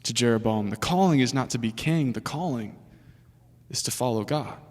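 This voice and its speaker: A young man preaching a sermon to a room, animated and chatty, with laughing asides and questions for the audience. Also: medium pitch, normal speed. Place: church hall with an audience. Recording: long hall reverb.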